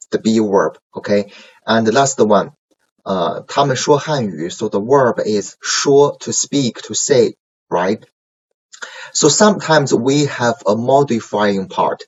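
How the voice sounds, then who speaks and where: Slow, low-voiced man teaching grammar. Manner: patient, repeats words, many ums and rights. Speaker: Chinese language teacher. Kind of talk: classroom grammar lesson. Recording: dull lo-fi sound.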